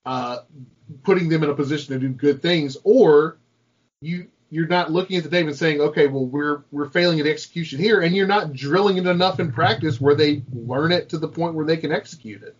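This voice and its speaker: A man's voice: fairly high pitch, a little fast, highs cut off. A man co-hosting a casual sports podcast, talking bluntly and profanely and often repeating words. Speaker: podcast co-host.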